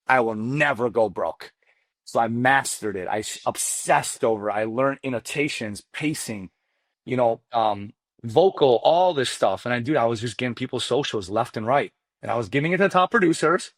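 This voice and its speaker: This is a man in his forties whose first language is not English. He tells a long personal story to a podcast host, casual and slangy, with lively pitch swings. His voice sits in a middle register and sounds dry and close. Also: brisk, no room sound. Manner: lively, acts out quoted dialogue with big pitch jumps. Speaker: podcast guest, mortgage loan officer. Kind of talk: animated storytelling in a podcast interview.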